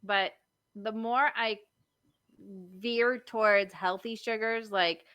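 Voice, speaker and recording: Bright chatty woman telling stories. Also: medium pitch, fairly even intonation, slow, dry recording. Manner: chatty storyteller, lots of likes and you-knows. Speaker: marriage coach. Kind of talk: casual podcast chat.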